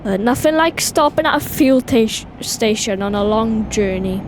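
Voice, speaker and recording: A woman with a Welsh accent chatting excitably to viewers while playing a driving game. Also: a little high, moderate pace. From Wales. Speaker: gaming video host. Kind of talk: casual gameplay commentary. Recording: game engine noise behind voice. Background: truck and vehicle sounds from game.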